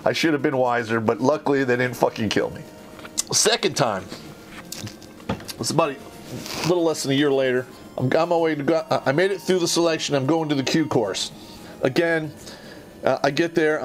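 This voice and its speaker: A man hosting a podcast, telling a profane, animated story about his Army days and laughing through it. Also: mid-range voice. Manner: animated storyteller, heavy swearing, laughs mid-sentence. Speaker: podcast host and Army veteran. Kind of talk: profane comedic war story.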